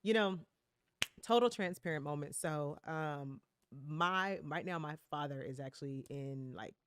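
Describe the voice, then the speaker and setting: A woman's voice: low-pitched, a little slow, clear, resonant tone. A woman in a candid conversational interview, speaking reflectively with many fillers and tag questions.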